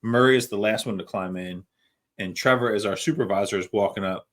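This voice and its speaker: Low-voiced man telling a work story. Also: brisk, a bit bright. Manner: swears freely, laid-back anecdotal delivery. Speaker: podcast co-host; paramedic. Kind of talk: casual storytelling chat.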